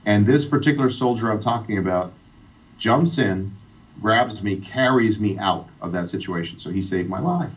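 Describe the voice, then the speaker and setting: A man's voice: lowish voice, normal speed. A middle-aged man from Iran telling a heartfelt personal story as a guest on a radio interview. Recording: distant, dull radio sound.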